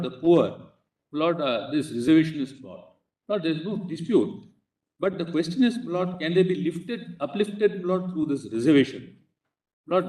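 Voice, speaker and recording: Indian lawyer guy arguing in court, says lord every other word, kinda high voice, roomy echo, mic far off. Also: a little mellow. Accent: Indian English. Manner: peppers nearly every phrase with "Lord", earnest and insistent. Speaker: advocate arguing before a court bench. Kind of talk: formal courtroom argument.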